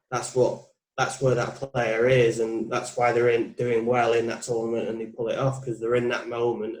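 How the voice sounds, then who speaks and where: A man in his forties, a putting coach, thinking aloud in a reflective, musing way in a casual chat. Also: medium pitch. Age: 40s. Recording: roomy echo.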